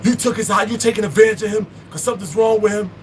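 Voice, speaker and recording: A man's voice: high voice, fairly even intonation, very fast, a little hiss or hum, pitched above the performer's own voice, lightly acted. A man voicing a stern male prison officer who barks curt orders.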